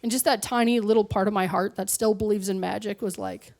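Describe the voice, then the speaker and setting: A woman from Canada performing a stand-up comedy set on stage, with animated, mock-indignant storytelling. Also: medium pitch, fairly quick. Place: comedy club stage with audience laughter.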